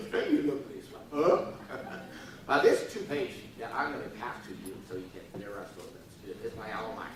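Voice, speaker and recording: A man's voice: mid-range voice, a little hiss or hum. A man giving a humorous lecture to students, acting out little dialogues and coaxing the audience to laugh and repeat after him. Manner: animated, acts out dialogues in funny voices. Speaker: forum speaker. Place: university lecture hall. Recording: echoey hall, voice from far off.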